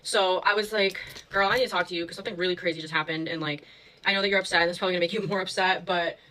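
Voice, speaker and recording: A woman's voice: fairly low pitch, fairly even intonation, rapid-fire, bright, forceful tone, poor audio. A young woman telling a story to her viewers in a casual, chatty way, full of fillers and swearing.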